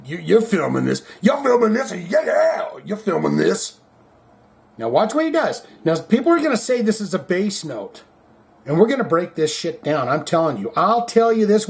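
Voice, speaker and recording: A man giving crude, jokey, animated play-by-play commentary on a concert clip. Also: a little high. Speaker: video commentator. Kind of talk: excited video commentary. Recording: loud background noise.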